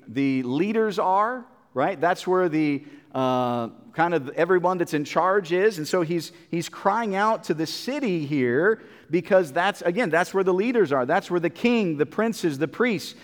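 A man's voice: high-pitched, in a large hall. A man preaching a Bible sermon in an earnest, repetitive way, with many fillers and restarts.

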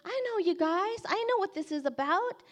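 A woman voicing an eager, chatty teenage schoolgirl in a high, bright voice. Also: animated, moderate pace.

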